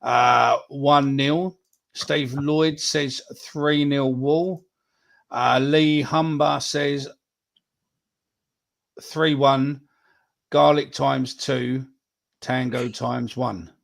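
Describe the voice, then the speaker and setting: Gravelly man hosting a podcast. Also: medium pitch, steady tone, extremely slow, long pauses. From England. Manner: chatty, swears casually, reads out viewer predictions. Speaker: podcast host. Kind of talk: casual live podcast chat.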